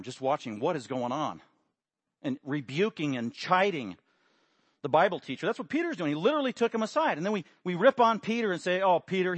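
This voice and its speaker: A man preaching a sermon, animated, acting out quotes with sudden loud emphasis. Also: fairly high pitch, dry recording. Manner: acts out quotes with raised voice.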